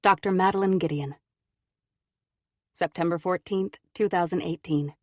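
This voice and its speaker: A woman narrating an audiobook in an even, measured way. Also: on the low side, no echo, clean studio sound. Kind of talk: scripted narration.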